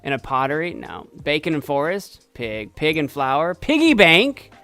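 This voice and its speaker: A man streaming a game, chatting playfully and excitedly as he thinks aloud. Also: fairly high pitch, normal speed, soft background music. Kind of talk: casual gameplay commentary.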